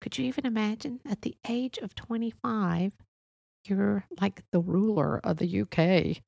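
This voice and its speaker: A woman's voice: medium pitch, a little slow, creaky, warm tone, dry recording, clean studio sound. A woman hosting a solo podcast, talking casually in a rambling, musing way with many fillers and restarts. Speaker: podcast host.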